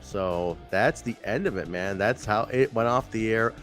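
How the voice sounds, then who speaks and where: A man's voice: lowish voice, normal speed, a bit bright, faint music behind. A man co-hosting a podcast, chatting casually and animatedly, joking and swearing now and then. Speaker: podcast co-host. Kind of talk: casual chat reviewing wrestling shows.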